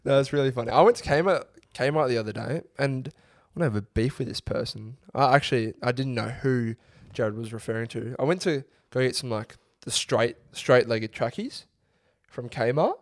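A man's voice: mid-range voice, moderate pace, no room sound, studio quality. Sweary Australian man telling stories. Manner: sweary, storytelling, laughs often. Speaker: podcast co-host. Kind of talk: casual chat.

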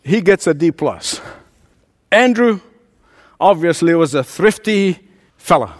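A man preaching a sermon, swinging between soft, low asides and rising, emphatic climaxes, with chuckles between lines. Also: animated, takes it slowly. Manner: preaching with dramatic swings of pitch and loudness, builds to emphatic climaxes. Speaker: pastor.

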